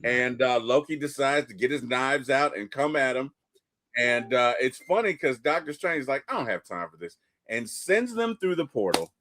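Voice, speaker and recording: A man chatting casually about a movie, retelling scenes and acting out characters in quick asides. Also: mid-range voice, animated, a bit bright, no room sound. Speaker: podcast co-host.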